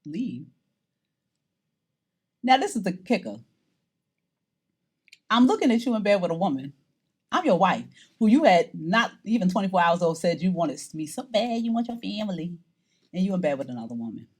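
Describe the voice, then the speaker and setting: This middle-aged New Yorker has a fairly low, breathy-edged voice and talks briskly, pausing often. She's telling her own story to camera in a documentary interview, animated and theatrical, voicing the people she describes.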